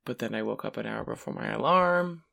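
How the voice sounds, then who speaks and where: A man's voice: lowish voice, lively intonation, fairly quick, gravelly, pushed and bright. A tired man, awake for twenty hours, co-hosting a podcast in casual chat. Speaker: podcast co-host.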